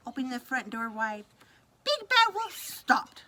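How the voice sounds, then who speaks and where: A woman reading a picture book aloud with a lively, expressive delivery. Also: a little slow, heavy background noise. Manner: lively, expressive reading that shifts pitch for the characters. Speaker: storybook reader.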